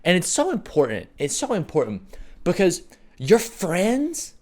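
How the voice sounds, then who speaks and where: Excitable joking male preacher, fairly high voice. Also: unhurried. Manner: excitable, joking, repeats phrases for emphasis. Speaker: pastor. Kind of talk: sermon.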